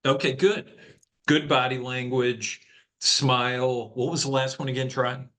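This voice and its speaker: A man's voice: mid-range voice, fairly even intonation, unhurried, sharp tone. A man facilitating an online leadership training over a video call, talking conversationally and checking in with the group often. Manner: conversational, checks in with frequent "okay?". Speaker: workshop facilitator.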